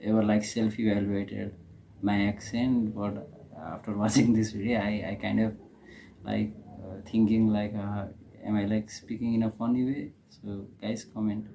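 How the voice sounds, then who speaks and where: A man's voice: on the low side, flat delivery, normal speed, gravelly, dark tone, a little hiss or hum. A man with a Nepali accent, hosting a reaction video in casual, hesitant commentary full of fillers and restarts.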